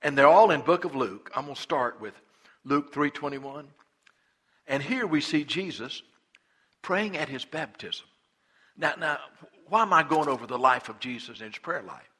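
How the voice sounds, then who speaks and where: A man's voice: on the high side, expressive, normal speed, pushed and bright, slightly rough. A man preaching a sermon as a pastor, retelling a parable in folksy everyday talk and repeating words as he goes.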